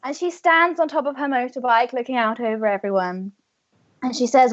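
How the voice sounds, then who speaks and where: A woman running a tabletop game as game master, telling the story in a lively, casual way. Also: on the high side, normal speed, dull audio.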